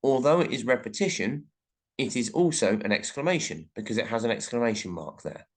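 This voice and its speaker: A man's voice: medium pitch, expressive, brisk. A man with an ordinary mid-range voice talks through a recorded English lesson. He explains each point steadily and reads short example sentences aloud along the way. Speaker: teacher.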